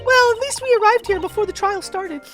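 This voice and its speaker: A woman voicing a polite, cheerful young female assistant who chatters quickly and eagerly. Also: very high voice, over music, pitched above the performer's own voice.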